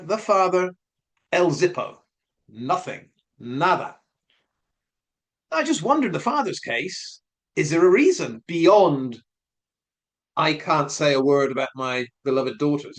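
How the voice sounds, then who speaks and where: A man giving casual spoken commentary, asking questions and speculating, repeating his points as he goes. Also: sits high. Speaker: commentary vlogger.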